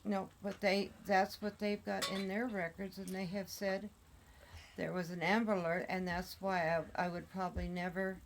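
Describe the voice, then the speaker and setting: An older woman, a grandmother, telling the family's story in a casual conversation, halting with many pauses. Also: medium pitch, level tone, slight background noise, low-quality recording.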